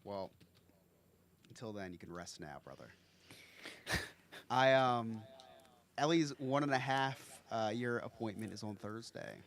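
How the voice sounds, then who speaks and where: Podcast dad type, jokey and laughy, voice bounces all over, lots of restarts. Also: male voice, lowish voice, lively intonation, measured pace, long pauses, fairly bright tone. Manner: joking, laughs often, rambling restarts. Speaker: podcast co-host. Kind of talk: casual podcast chat.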